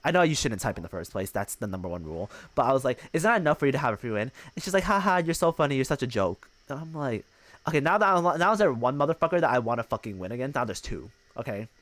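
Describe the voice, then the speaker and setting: A man's voice: mid-range voice, big pitch swings, quick pace, a bit bright, no room sound. A male streamer telling a gaming story in casual, profane chat, mocking the people he quotes.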